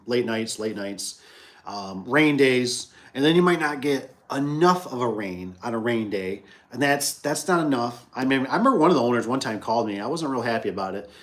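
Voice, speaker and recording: A middle-aged man who runs a business, chatting casually on a livestream, rambling through stories, repeating phrases and acting out the people he quotes. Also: mid-range voice. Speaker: business owner hosting a livestream.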